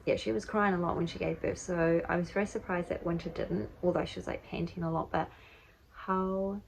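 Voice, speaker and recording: Chatty New Zealand woman, gravelly voice. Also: lowish voice, steady tone, brisk, a little hiss or hum, low-quality recording. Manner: chatty, rambling, many fillers like "like" and "um". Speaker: vlogger and mother. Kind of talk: casual storytelling vlog. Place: home, indoors.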